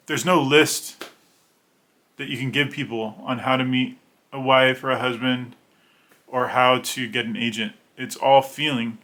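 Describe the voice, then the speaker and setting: A man in his thirties with a bright, forward tone talks to the camera in a loose, rambling way. He slips into quick voices for the people in his stories, then drops back into easy, plain chat. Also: mid-range voice, fairly even intonation. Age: 30s. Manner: rambling, conversational, acts out voices in anecdotes. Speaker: children's book illustrator. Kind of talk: personal storytelling to camera.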